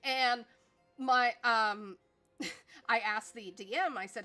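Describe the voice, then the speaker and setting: A woman streamer casually telling a rambling, animated story about a tabletop game, full of fillers and acted-out quotes. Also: a little high, takes it slowly, soft background music.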